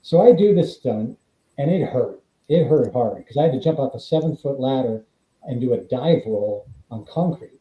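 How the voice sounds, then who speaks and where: A medium-pitched male voice at normal speed comes through reverberant, dull audio. The speaker, a middle-aged ex-stuntman on a podcast interview, relates animated anecdotes and voices the quoted exchanges.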